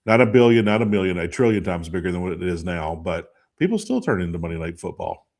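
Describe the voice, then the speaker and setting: A man's voice: sits low, big pitch swings, fast, a little mellow. A tired man in his fifties co-hosting a sports talk show, chatting in a rambling way and losing names mid-thought. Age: 50s. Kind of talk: casual chat.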